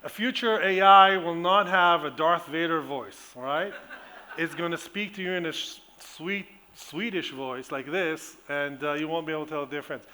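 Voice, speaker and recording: A man speaks from a conference stage with a bright, forceful tone, explaining his subject eagerly. His voice sits a little high, and he often stops to restart a phrase or fill a gap with "uh". It sounds like a keynote heard through the hall's microphone. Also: moderate pace. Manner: enthusiastic explainer with frequent ums and restarts. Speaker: engineering professor giving a conference talk.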